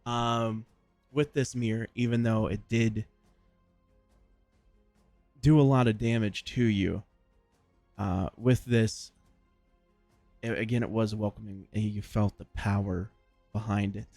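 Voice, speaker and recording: A man narrating a tabletop game as dungeon master, halting often with fillers. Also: fairly low pitch, steady tone, gravelly, a little mellow, no echo, soft background music.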